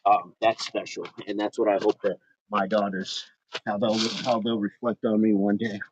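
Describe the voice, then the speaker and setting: A man's voice: fairly low pitch, little pitch movement, normal speed, slightly rough, dry recording. A middle-aged man hosting a fitness livestream outdoors, reading viewer comments aloud and counting out his reps between casual remarks. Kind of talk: casual livestream chat while exercising. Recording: dull lo-fi sound with faint noise.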